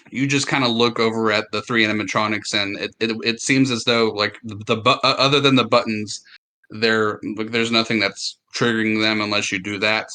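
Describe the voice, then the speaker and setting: A man running a tabletop game as game master. He narrates haltingly, with many fillers and restarts. His voice is bright and sharp. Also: on the low side.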